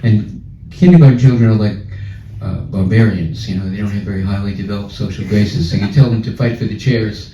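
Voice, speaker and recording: A man tells a humorous story to a gathered crowd, animated, laughing often and acting out the scenes. His voice sits on the low side. The recording is distant and roomy, with a dull, muffled sound. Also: fairly quick, a little hiss or hum. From New York. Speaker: spiritual speaker. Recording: echoey room, far and dull.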